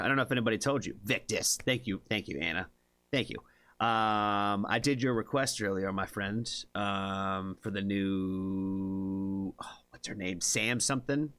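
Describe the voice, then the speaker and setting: Male reaction streamer from the US, slightly low, punchy tone, dry close sound, rambling chatty delivery. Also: a little slow, sharp tone, smooth, no room sound. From United States. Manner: rambling, filler-heavy, chatty with viewers. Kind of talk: casual live-stream chat.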